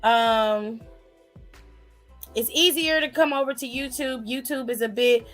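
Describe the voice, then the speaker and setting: A woman's voice: fairly high pitch, a little slow, a bit bright, faint music behind. A woman hosting a casual live stream, chatting and reading viewer comments in a playful, familiar way. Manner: chatty and playful, calls viewers honey and child.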